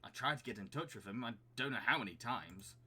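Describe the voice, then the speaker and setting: A man's voice: medium pitch, animated, fast talker, sharp tone, husky. A man casually commenting and reading aloud in a playful game playthrough, laughing often. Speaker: let's-play host.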